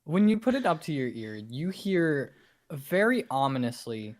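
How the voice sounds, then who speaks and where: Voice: mid-range voice, big pitch swings, unhurried. A game master narrating a tabletop horror game and asking players for rolls.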